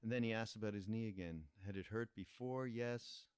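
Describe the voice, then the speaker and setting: An older man hosting a podcast, telling a story in a reflective, meandering way with pauses and restarts. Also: lowish voice, a little mellow, clear, resonant tone, no echo. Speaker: podcast host. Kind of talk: casual spoken storytelling.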